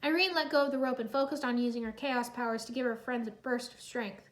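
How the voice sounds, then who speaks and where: A woman narrating a children's adventure story in a lively, expressive read-aloud. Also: on the high side, fast talker.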